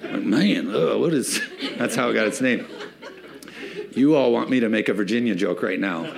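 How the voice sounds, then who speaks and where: A man's voice: lowish voice, moderate pace, gravelly, a crowd in the background. A man preaching a sermon to a church congregation in a loose, conversational way, mixing jokes into his message. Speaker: pastor. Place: church sanctuary before a congregation.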